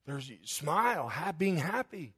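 This is a male pastor, delivering a passionate sermon in a notably high voice. He stretches out key phrases, presses toward shouted emphasis, and checks in with his congregation for amens. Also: very animated, measured pace, husky. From Kentucky. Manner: impassioned preaching, building to shouted emphasis, calls for amens.

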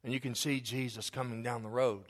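A man preacher delivering a sermon in folksy, animated storytelling, stumbling over restarts and asking listeners directly whether they follow him. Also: medium pitch, brisk. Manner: talks directly to listeners with questions.

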